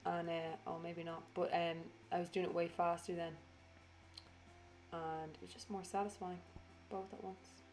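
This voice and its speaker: A tired woman rambles through a casual voiceover for her craft video. Her voice sits a little low. She swears freely and pokes fun at herself as she goes. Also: little pitch movement, moderate pace, darkish tone, soft background music.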